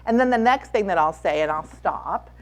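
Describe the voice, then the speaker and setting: A woman's voice: mid-range voice, expressive, normal speed. A woman speaking as a conference panelist, giving advice emphatically and repeating her key points. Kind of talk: advisory panel talk. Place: conference room.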